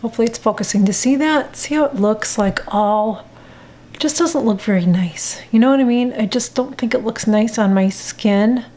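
A woman's voice: a little high, normal speed, dark tone. Older woman vlogger, chatty and self-correcting, recorded in an echoey home room. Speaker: beauty vlogger. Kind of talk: unscripted makeup review. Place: indoor home room, rain outside. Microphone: camera mic. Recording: echoey room on camera mic.

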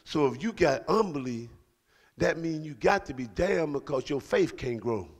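A middle-aged man preaching a sermon to his congregation, building into shouted calls to the church. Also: a little high, lively intonation, moderate pace. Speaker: pastor. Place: church sanctuary.

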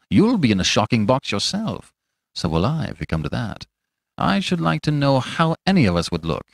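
A man's voice: fairly low pitch, gravelly, no echo, studio quality, full character voice. A man voicing a reckless young doctor who talks in a cool, sneering, worldly way.

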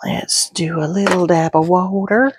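A woman with a Southern US accent hosts a crafting video, her voice on the low side, fairly even, and a little slow. She chats casually and mumbles asides to herself as she works, against a noisy background.

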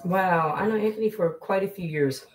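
A woman's voice: fairly low pitch, moderate pace, poor audio. A woman hosting a casual livestream, chatting to viewers and telling a family story. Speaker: livestream host and mother. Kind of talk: casual live chat.

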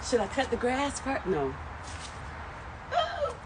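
A woman close to crying streams live outdoors by her lawn, her fairly low voice animated yet measured in pace. She talks to viewers emotionally, repeating herself and laughing nervously, while background noise carries through.

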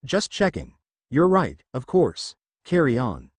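A man's voice: medium pitch, wildly swooping pitch, slow, husky, dry recording, exaggerated voice. A man voicing a bored, sarcastic male god who speaks in a languid, mocking way, in a fantasy story reading. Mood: sardonic.

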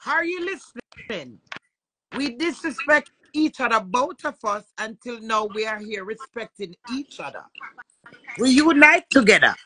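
A woman with a Jamaican accent, loudly cursing and ranting indignantly on a phone live stream. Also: a little high, sing-song, a little slow, slight background noise. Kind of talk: heated live-stream rant.

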